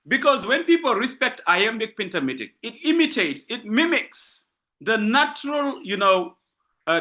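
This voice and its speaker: A man's voice: high voice, pushed and bright. A man giving a university literature lecture, explaining step by step, repeating key points and asking and answering his own questions.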